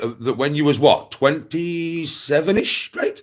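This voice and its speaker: A man's voice: fairly high pitch, measured pace. A man, ranting casually to camera in a mocking, taunting way, repeating his jibes and breaking into laughs. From West Midlands, England. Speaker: vlogger.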